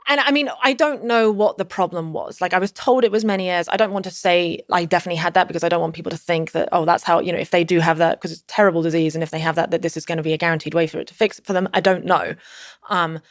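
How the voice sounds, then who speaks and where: A woman's voice: on the low side, steady tone, fast, dry recording, studio quality. A woman in her thirties, a podcast guest, telling a personal story in casual conversation, rambling with many fillers and restarts.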